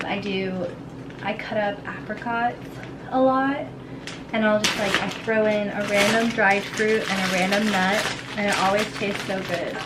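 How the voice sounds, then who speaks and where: A young woman and mother with a sick, hoarse voice, chatting casually and rambling through a home vlog, full of "like". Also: medium pitch, steady tone, a little slow, far from the mic. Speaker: vlogger and mother. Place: home kitchen and garden. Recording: roomy, off-mic, household noise.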